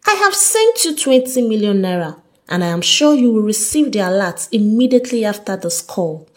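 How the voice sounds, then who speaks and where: A woman's voice: medium pitch, big pitch swings, normal speed, natural voice. A woman voicing a fatherly, aging male senator who speaks tenderly.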